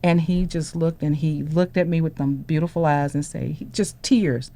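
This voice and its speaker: A woman's voice: sits low, normal speed, few pauses. A woman on a discussion panel, telling a personal story as a parent and acting out the voices of the people in it. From Houston, Texas. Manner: animated storytelling, acts out dialogue.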